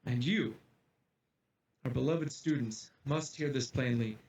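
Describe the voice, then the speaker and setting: A man voicing a grave male headmaster who gives a solemn, measured address to his students, recorded from a distance in an echoey room with faint ambience. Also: medium pitch, darkish tone, a little hiss or hum, natural voice.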